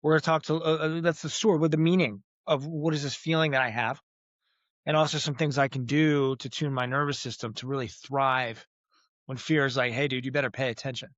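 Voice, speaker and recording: A man speaking as a podcast guest, talking earnestly and reflectively with frequent pauses and vivid comparisons. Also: on the high side, steady tone, fairly bright tone, no echo, muffled recording. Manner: earnest, uses metaphors, many "uh" pauses. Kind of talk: reflective interview talk.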